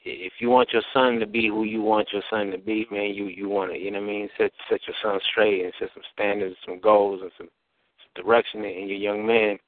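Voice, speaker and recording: Flat-voiced man giving earnest advice. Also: lowish voice, a little fast, dry recording. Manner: earnest, repeats "man" and "you feel me". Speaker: podcast guest, father. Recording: dry, phone-like band.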